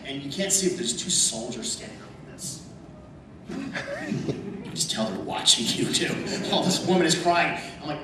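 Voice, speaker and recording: Man, convention panel storyteller, lively pitch, laughing asides, echoey hall from far off. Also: normal speed, background noise. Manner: animated anecdotes, laughing.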